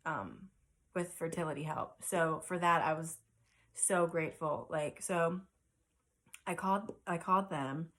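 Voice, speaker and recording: A woman vlogger telling a personal story to camera in an earnest, halting way, full of fillers and restarts, close to tears at times. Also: lowish voice, fairly bright tone.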